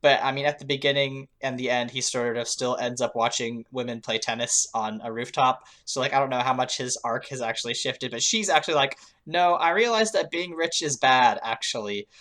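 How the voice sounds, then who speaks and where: A woman's voice: extremely low pitch, steady tone, fairly quick, few pauses, fairly bright tone. A woman co-hosting a podcast, chatting casually with frequent laughs and filler words. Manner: laughing often, lots of fillers. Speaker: podcast co-host. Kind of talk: casual chat.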